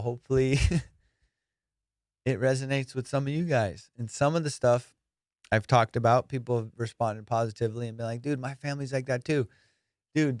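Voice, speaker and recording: Clean studio sound with no echo carries the mid-range voice of a young adult male podcast host, an immigrant who was raised abroad. Animated and profane, he tells comic stories casually, acting out both parties in each exchange.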